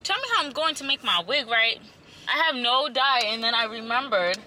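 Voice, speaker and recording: A playful woman in her twenties talks casually to her camera, joking at her own expense. Her voice sits on the higher side and swings widely in pitch. Music plays clearly in the background. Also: animated, normal speed, pushed and bright. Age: 20s. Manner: playful and chatty, laughs and jokes at herself. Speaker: vlogger. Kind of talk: casual vlog chat to camera.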